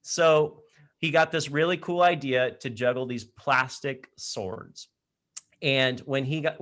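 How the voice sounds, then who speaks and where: A man speaking in an online session from his laptop mic, telling an animated story to high school students with frequent laughter. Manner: energetic, animated storyteller who laughs often. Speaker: leadership program speaker.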